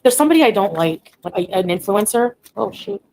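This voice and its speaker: A woman's voice: mid-range voice, big pitch swings, fairly quick, gravelly, a little mellow, poor audio. A woman on a casual livestream, talking bluntly, ranting and reading chat aloud.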